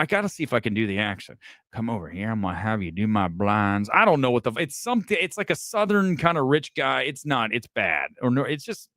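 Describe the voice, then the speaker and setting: A man hosting a live film review show, giving blunt, opinionated takes in quick fragments, often profane and mocking. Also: medium pitch, a bit bright, no echo, clean studio sound. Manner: talks in quick fragmented lists. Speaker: movie review show host.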